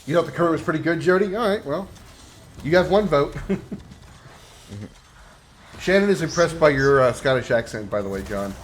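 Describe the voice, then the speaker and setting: A man hosting a gaming livestream, chatting casually with teasing, self-deprecating humor and halting restarts. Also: fairly high pitch, animated, slight background noise. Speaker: streamer host. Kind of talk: casual chat.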